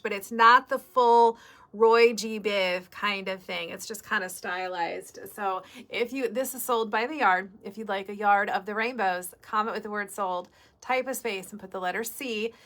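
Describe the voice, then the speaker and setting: A woman's voice: medium pitch, steady tone, normal speed, a bit bright. A woman with a Midwestern American accent hosting a live shop sale, chatty and upbeat, explaining step by step. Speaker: quilt shop host.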